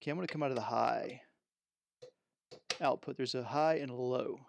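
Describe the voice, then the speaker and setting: A man's voice: medium pitch, moderate pace, creaky, no room sound. A man live-streaming from his home studio, rambling and thinking aloud as he unpacks and wires up music gear. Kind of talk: unscripted live stream chat. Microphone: headset microphone.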